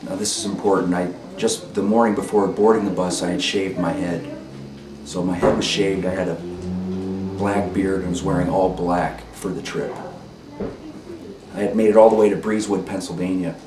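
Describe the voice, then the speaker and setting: A man telling a story in a deliberate, measured way, pausing to set the scene. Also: deep voice, level tone. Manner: deliberate, careful, with pauses and ums. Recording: roomy, distant mic with noise.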